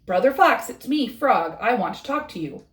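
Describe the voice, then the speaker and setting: A woman's voice: on the high side, big pitch swings, moderate pace, reverberant. A woman voicing a shy young male frog who stammers and dreams of singing, in a storybook reading. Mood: pleading. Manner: stammering, hesitant.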